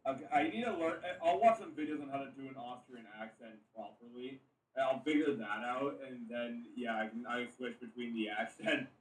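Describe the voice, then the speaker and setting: A man's voice: mid-range voice, fairly quick, far from the mic. A man chatting casually with friends as a player planning his character, laughing and rambling. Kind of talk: casual chat among friends. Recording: roomy sound from off the mic.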